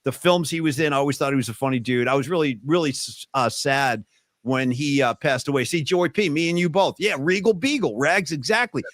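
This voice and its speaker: A man's voice: fairly high pitch, a little fast, dry recording. A middle-aged man co-hosting a podcast, chatting casually and animatedly about sports and pop culture. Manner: animated, swings into loud impressions and sung lines. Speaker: podcast co-host.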